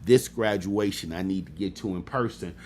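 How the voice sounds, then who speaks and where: Low-voiced man giving a motivational speech. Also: moderate pace, a little mellow, a little hiss or hum. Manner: peppers talk with "amen", addresses audience directly. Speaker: motivational speaker and host. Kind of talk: motivational speech with preacher cadence.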